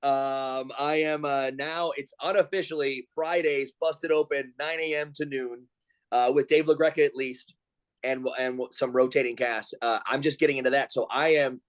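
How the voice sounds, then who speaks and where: A man's voice: mid-range voice, normal speed. A man in his forties telling stories as a guest over a video call, acting out other people's lines in raised voices. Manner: animated storyteller acting out quotes in raised voices. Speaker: pro wrestler and comedian guest.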